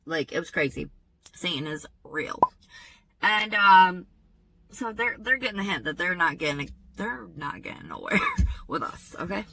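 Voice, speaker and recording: A woman telling a personal story in a vlog, in an animated, emphatic storytelling manner. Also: lowish voice, measured pace, vocal fry, slight background noise, rough recording. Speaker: vlogger.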